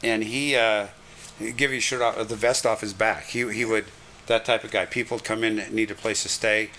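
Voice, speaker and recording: An older man recounts his years on the railroad with lively, chuckling asides. His voice is bright and forceful, sitting a little low. The storytelling is loose and conversational. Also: moderate pace, slight background noise. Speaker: retired railroad conductor. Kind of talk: reminiscing storytelling.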